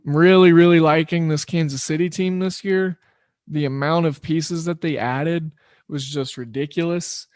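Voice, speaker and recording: A man's voice: a little high, fairly even intonation, normal speed, a little mellow, no echo, studio quality. A man hosting a sports betting podcast, talking loosely and in a rambling, self-deprecating way. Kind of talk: casual solo podcast talk.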